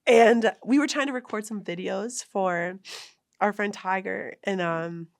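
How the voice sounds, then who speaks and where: A young woman tells a heated story in a relaxed interview, her pitch sitting in a middle range. She gets animated and slips into quoted voices of herself and others. The sound is close and dry, with little room around it. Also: unhurried, creaky, no room sound. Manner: animated, retells arguments with lively quoted voices. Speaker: guest, long-distance hiker.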